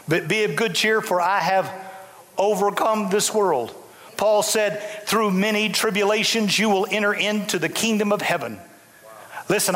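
A man preaches in a church, his voice pitched very high and bright. He jokes with the crowd and hammers refrains over and over. The hall gives his words a long reverberating tail. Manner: folksy, humorous, emphatic preaching with repeated refrains. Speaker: bishop preaching. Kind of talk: sermon. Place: church sanctuary.

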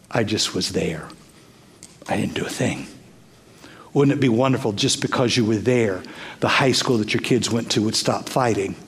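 An older man preaching a sermon as pastor, emphatic, swinging from loud bursts to hushed near-whispers. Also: medium pitch.

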